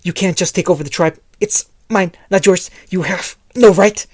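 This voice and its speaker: A narrator voicing a hostile, wounded male tribal chieftain who croaks out spiteful, rising shouts in a fan fiction reading. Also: medium pitch, flat delivery, a little fast, natural voice. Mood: furious.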